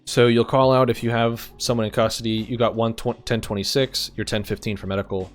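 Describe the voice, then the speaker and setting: A man in a roleplay game, playing a police sergeant who explains arrest procedure to recruits in a steady, methodical way with frequent ums. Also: mid-range voice, a little fast, faint music behind. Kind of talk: instructional roleplay briefing.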